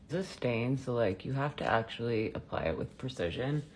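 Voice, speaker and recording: A woman in her thirties with a raspy voice, chatting casually and softly through a makeup tutorial. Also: rumbling low, lively intonation, normal speed, a little hiss or hum. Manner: chatty and offhand, soft-spoken. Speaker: beauty vlogger.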